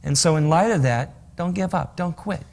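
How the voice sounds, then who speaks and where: A man's voice: fairly high pitch, normal speed, gravelly, a little mellow. A man on a talk show giving earnest, encouraging advice to parents in a preachy way. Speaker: co-host, counselor.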